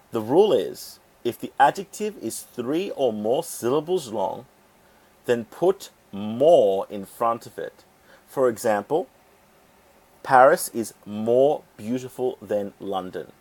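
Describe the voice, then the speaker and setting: Slow, deliberate male English teacher. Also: medium pitch, a little mellow. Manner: slow, deliberate explaining with clapped-out syllables. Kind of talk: English grammar lesson.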